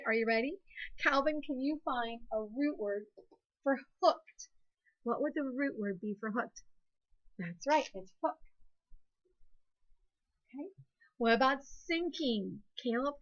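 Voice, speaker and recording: A woman's voice, on the high side, comes through a muffled recording. She's from Ohio, has an Ohio accent, and teaches second graders phonics in call-and-response style, patient, encouraging and sing-song.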